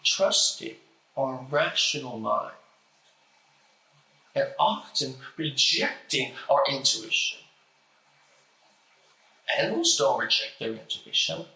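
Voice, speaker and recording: Man with a stutter, recited lecture, bright voice, slow deliberate pauses, echoey room. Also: mid-range voice, vocal fry. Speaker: host reciting a famous lecture.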